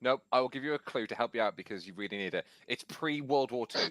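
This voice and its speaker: A man's voice: medium pitch, animated, quick pace, a bit bright. A man with a Geordie accent, reading quiz questions on a podcast, teasing and laughing often. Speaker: quizmaster on a podcast. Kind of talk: casual quiz banter.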